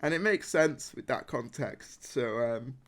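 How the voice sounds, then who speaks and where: A man's voice: medium pitch, expressive, unhurried. A man hosting a casual podcast chat, rambling with lots of fillers and laughs. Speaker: podcast host.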